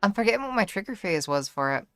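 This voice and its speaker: A woman's voice: mid-range voice, big pitch swings, quick pace, fairly bright tone, faint music behind. A woman livestreamer chatting casually with her viewers, blunt and profane, with many fillers, and joking about herself when she tries accents. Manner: self-deprecating when trying accents. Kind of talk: casual live-stream chat.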